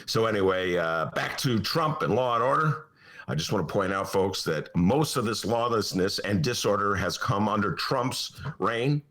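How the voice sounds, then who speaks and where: A man in his sixties hosting a political podcast from a studio, sarcastic and animated, laughing as he mocks. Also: on the low side, normal speed. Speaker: podcast host. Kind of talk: satirical political talk.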